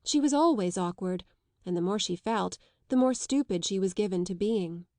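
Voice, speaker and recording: A woman narrating a classic children's novel in a measured, even reading. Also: medium pitch, dry recording. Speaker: audiobook narrator.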